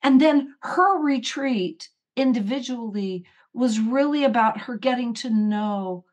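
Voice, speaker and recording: A woman's voice: a little high, measured pace. A middle-aged woman, a retreat coach, chatting in an interview and acting out the people in her stories. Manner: animated storytelling, acts out quotes. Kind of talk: casual interview chat.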